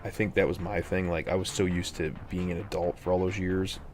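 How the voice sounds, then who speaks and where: A man's voice: low voice, little pitch movement, a little fast, faint music behind. A young man telling rambling stories as he chats during a game stream, breaking into exasperated outbursts. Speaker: gaming streamer. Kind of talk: casual chat while gaming.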